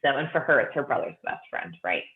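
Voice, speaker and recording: A woman's voice: very deep voice, sing-song, brisk, creaky, reverberant. Gushing woman over a tinny phone line. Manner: gushing, enthusiastic, lots of fillers. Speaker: guest author. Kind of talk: casual chat about books.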